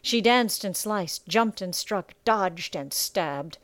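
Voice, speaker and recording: A woman narrates a story in a measured, dramatic way. Her voice is smooth and clear, sitting at a middle pitch. The sound is dry and close, with no room around it. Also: expressive, a bit bright, dry recording. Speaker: audiobook narrator. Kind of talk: scripted narration.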